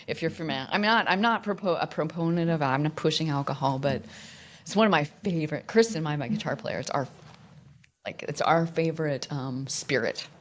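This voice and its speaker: Low-voiced woman telling her story. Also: brisk. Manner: candid, rambling, with many restarts. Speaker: musician guest. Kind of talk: casual interview storytelling.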